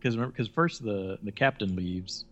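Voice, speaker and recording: Male co-host, low voice, joking banter, muffled lo-fi recording. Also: normal speed, a little hiss or hum. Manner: joking, drops into goofy impressions. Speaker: podcast co-host. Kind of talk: casual movie chat. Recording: dull lo-fi mic.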